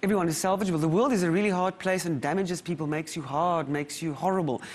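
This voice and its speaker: A guest from South Africa telling family stories in a reflective interview, animated and acting out quoted voices. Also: female voice, lowish voice, fast. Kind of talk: reflective conversational storytelling.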